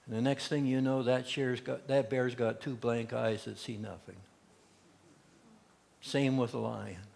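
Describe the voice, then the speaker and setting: A pastor with a mid-range, slightly mellow voice preaches without hurry, his tone steady and touched with vocal fry. He tells homespun stories, acting out the quotations. The sanctuary adds a long, echoing reverb.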